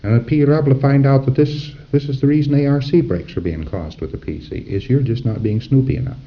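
A man's voice: mid-range voice, quick pace, dull audio. A man giving an informal lecture to trainees, talking conversationally and acting out little dialogues. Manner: conversational, acts out dialogues and chuckles at his own examples.

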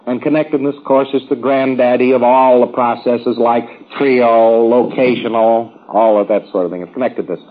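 A man's voice: medium pitch, fairly even intonation, moderate pace, hardly any pauses, phone-quality sound. A man giving a rambling, folksy, informal lecture to trainees, with wry asides.

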